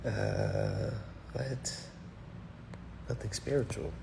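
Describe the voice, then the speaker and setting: A man's voice: on the low side, very animated, drawn-out words, creaky, background noise. A man hosting a casual livestream monologue and answering viewer comments. He is blunt and preachy, repeats his points and keeps checking in with "all right?". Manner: emphatic and repetitive, hammering single words.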